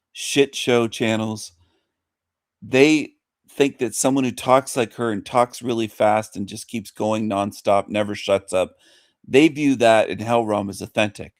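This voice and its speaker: A man's voice: on the low side, no room sound. A man with a mid-range voice talks over clips in a sneering, sarcastic way, picking apart what he has just played. The sound is dry and close, with no room around it. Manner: mocking, scornful. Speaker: radio show host.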